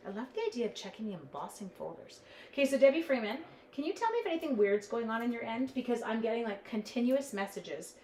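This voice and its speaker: A woman's voice: a little high, sing-song, fast, mellow. Brief: chatty, scattered woman demoing crafts live to her viewers, in a roomy room with a faint hum. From Canada. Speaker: live-stream crafting demonstrator. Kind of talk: casual live-stream craft demo.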